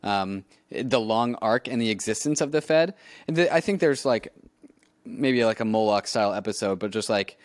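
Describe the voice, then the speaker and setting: A man's voice: on the low side, moderate pace, no room sound. Man, podcast co-host, reflective and musing, dry close sound. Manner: musing, reflective, frequent "right" and "like". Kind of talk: casual chat.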